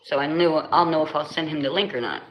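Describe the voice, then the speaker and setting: A woman with a New Jersey accent chatting casually with viewers on her livestream, animated and laughing often, full of slang. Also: low-pitched, fast talker, lo-fi sound. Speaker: livestream host. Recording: echoey room with faint noise.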